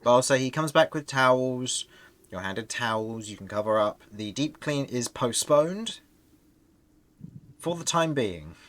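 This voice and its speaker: A man's voice: mid-range voice, expressive, measured pace, fairly bright tone. Male game master narrating a tabletop game. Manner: descriptive, with frequent restarts.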